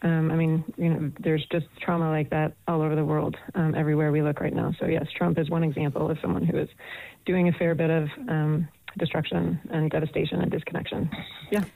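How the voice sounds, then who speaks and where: A woman's voice: sits low, flat delivery, fairly quick, gravelly, no room sound. A middle-aged American woman from Boston, a guest chatting in a radio interview and laughing often. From United States (Boston). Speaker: guest, management professor. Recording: thin phone-line sound.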